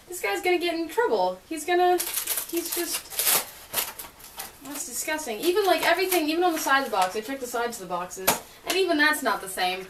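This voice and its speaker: A young woman vlogs casually from her bedroom while spinning in a chair, chatty and giggly, tossing in sarcastic asides as she reads aloud. Her voice sits high, expressive and fairly bright, a little fast, and the recording sounds roomy and distant with faint hiss.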